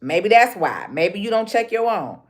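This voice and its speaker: Ranting live into her phone, a Chicago woman speaks at a moderate pace in a medium, sing-song voice. The livestream host is blunt, keeps looping back to the same points, and drops readily into street slang.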